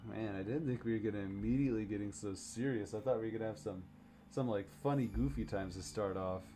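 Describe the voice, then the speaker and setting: A man's voice: on the low side, fast, mellow, soft background music. A man streaming a game live, joking casually as he reads and reacts. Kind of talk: live game playthrough commentary.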